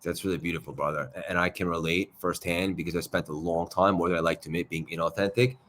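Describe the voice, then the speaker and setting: Deep-voiced man with a new york accent hosting a live podcast, hyped effusive intros, faint background hum. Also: steady tone, quick pace, a bit bright. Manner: hype-filled, effusive introductions. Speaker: podcast host.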